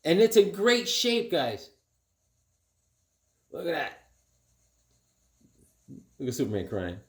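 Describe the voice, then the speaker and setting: Excitable chatty man showing off comics. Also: a little high, slow. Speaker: comic collector vlogger. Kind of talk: casual show-and-tell vlog.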